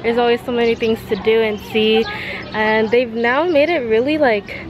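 A woman's voice: a little high, steady tone, normal speed, over music, poor audio. A young woman talking casually to a handheld camera while walking outdoors at a farm, full of "like" fillers. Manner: chatty, lots of "like" fillers. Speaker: vlogger. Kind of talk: casual travel vlog narration. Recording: outdoor background noise.

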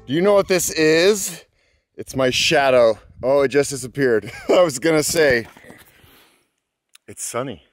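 A man's voice: mid-range voice, animated, measured pace, pauses often, dry recording, soft background music. Upbeat male vlogger, casual talk to a handheld camera outdoors, ordinary mid voice. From United States. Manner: chatty, upbeat, laughs often. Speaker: bikepacking vlogger. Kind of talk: casual travel vlog to camera. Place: outdoors on country roads.

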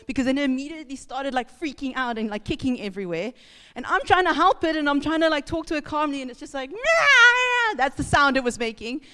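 A woman pastor, telling a lively story in a casual sermon, laughing and acting out sounds. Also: sits high, clear, resonant tone. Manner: chatty, laughing, acts out sounds and voices. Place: church hall. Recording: reverberant church hall.

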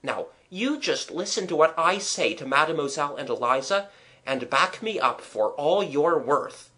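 A reader voicing a brave schoolboy who puts on a loud, hearty cheer in a storybook reading. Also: mid-range voice, animated, normal speed. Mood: jolly.

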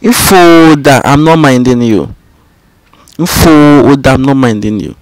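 A man teaching vocabulary, saying each phrase twice in a calm, patient way. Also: medium pitch, a little slow, no echo, rough recording. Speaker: language teacher. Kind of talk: slow, repetitive vocabulary drill.

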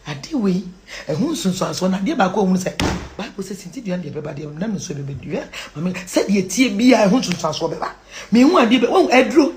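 A Ghanaian woman lectures like a preacher, her voice leaping all over the scale as she drives her points home. She flips between Twi and English, bursting into shouts, then dropping to hushed near-whispers, with a faint hiss of noise underneath. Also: on the low side. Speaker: social commentator. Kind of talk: moralizing lecture.

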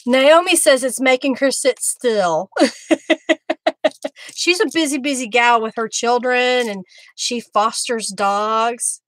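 A woman hosting a live craft stream, chatting warmly with viewers by name as she works. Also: on the high side, slow pace, no room sound. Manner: friendly, talks to viewers by name while working.

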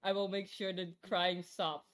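A woman's voice: lowish voice, level tone, a little slow. A woman streamer in casual voice chat during a game roleplay, joking and laughing as she talks. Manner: playful, laughing, joking threats. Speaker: streamer playing a roleplay court scene.

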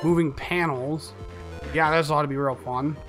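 A man chats casually over a game, sarcastic and grumbling, tossing in mild curses. His voice is high for a man, and game music plays faintly underneath. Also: fairly even intonation, moderate pace. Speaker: let's play host. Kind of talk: casual gameplay commentary.

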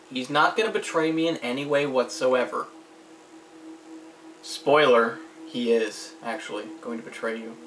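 A young man giving casual, goofy gameplay commentary, joking sarcastically and talking back to the characters on screen. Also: medium pitch. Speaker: let's play gamer. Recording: home mic with noticeable hiss.

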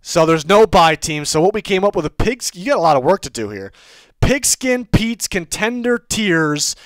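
A man's voice: fairly high pitch, very animated, fast talker, no echo. Brash joking man on a sports show. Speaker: podcast co-host. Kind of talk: casual sports chat.

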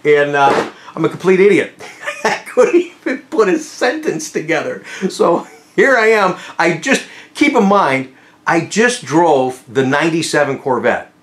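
A middle-aged man telling stories about his car sales career in a casual vlog, excited, often laughing and acting out what people said. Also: fairly high pitch, a little slow, echoey room. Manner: excitable, laughing, acts out quotes. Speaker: car salesman and channel host.

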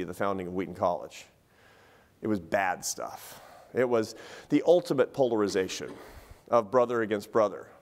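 A man giving a public lecture in a hall, telling stories in an animated, humorous way. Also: fairly low pitch.

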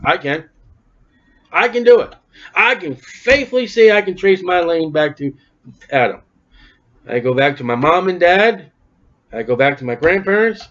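Folksy preacher, slightly high voice. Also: male voice, fairly bright tone. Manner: folksy, breaks off the reading with wry joking asides. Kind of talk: sermon, reading scripture aloud. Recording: dull lo-fi recording.

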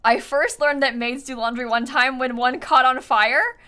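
A woman's voice: high-pitched, steady tone, moderate pace, bright, forceful tone. A woman streamer chatting casually while playing a game, laughing often and thanking viewers for donations. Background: faint background music.

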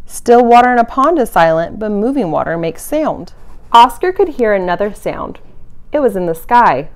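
A woman leading a family camp, reading a picture book to children with playful sound effects, then giving simple at-home activity tips. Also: mid-range voice. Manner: animated read-aloud, playful sound effects.

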